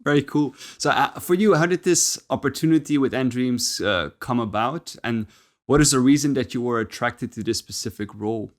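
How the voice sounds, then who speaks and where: A man co-hosting a podcast who asks the guest questions and reacts with quick, friendly comments. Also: medium pitch. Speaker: podcast co-host. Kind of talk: casual interview chat.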